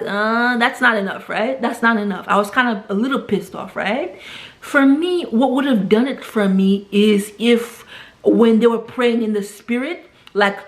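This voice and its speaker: A woman casually retelling a movie plot, acting out short quoted lines and tagging sentences with "right?". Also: fairly high pitch. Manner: chatty, retells scenes with quick quoted voices, frequent tag "right?". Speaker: vlogger reviewing films. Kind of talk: casual film recap.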